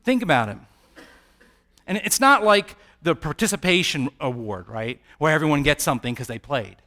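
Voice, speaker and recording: A man preaching a sermon, rising to loud peaks and dropping to quiet, hushed lines, sometimes acting out the voices he quotes. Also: a little high, animated, moderate pace. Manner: dramatic swings from soft to loud.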